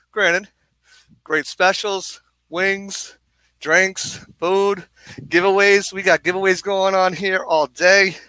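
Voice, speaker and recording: A man co-hosting a live sports watch-party stream outdoors on a bar deck, excitedly reading viewer comments and a little out of breath. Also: high voice, smooth, no echo, low-quality recording. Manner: hyped, energetic, reads viewer comments aloud.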